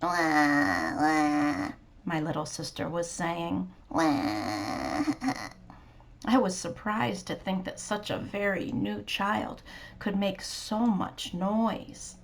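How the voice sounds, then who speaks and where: A woman reading a children's storybook aloud in a soft, gentle, sometimes whispery manner. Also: medium pitch, steady tone, takes it slowly, vocal fry.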